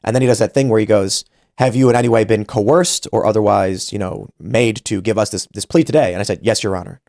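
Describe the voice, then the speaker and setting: Gravelly-voiced man telling a story. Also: lowish voice, fast, no echo, clean studio sound. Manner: animated, acts out quoted voices. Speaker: podcast host. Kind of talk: casual storytelling.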